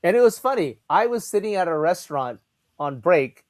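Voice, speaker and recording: A relaxed man adds his side of the story in casual podcast chat. His voice sits at a middle pitch and the sound is close and dry, with no room around it. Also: fairly quick, no echo. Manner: relaxed, chimes in with short agreements. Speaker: co-guest, film collaborator.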